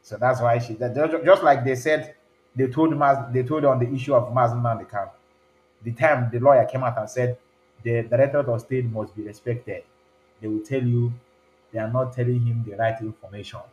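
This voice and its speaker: A male host keeps a live stream casual and conversational, drifting between English, Igbo and pidgin. His mid-range, darkish voice moves at a moderate pace with fairly even intonation, and the echoing room adds a little hiss or hum.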